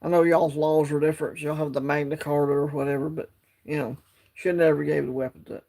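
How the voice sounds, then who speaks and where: A man's voice: a little high, little pitch movement, fairly quick, vocal fry, darkish tone. Rambling man on a phone livestream. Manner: rambling, drawling, reads chat aloud. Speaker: livestream host. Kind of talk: casual livestream chat.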